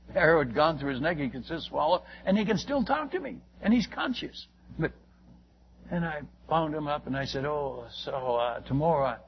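An older man telling a long, folksy story about his missionary work in a rambling, casual way, full of restarts and asides. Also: on the high side. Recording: muffled lo-fi recording with faint hiss.

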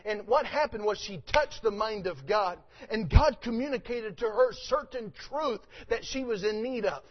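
A man's voice: high-pitched, animated, normal speed, dull audio. A man preaching a sermon, reading scripture aloud and then preaching it with rising, emphatic force.

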